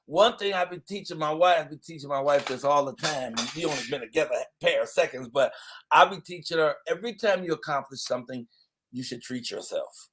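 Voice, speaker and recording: A man's voice: a little high, fairly quick, fairly bright tone, slightly rough. Man, talk show host, casual, playful banter. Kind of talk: casual chat.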